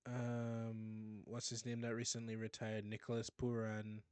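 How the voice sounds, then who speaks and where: A man's voice: lowish voice, a little slow, smooth, no room sound. A young man from the West Indies with a Caribbean accent, rambling through casual reaction commentary with lots of restarts. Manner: rambling and animated, with many restarts. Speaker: reaction video host.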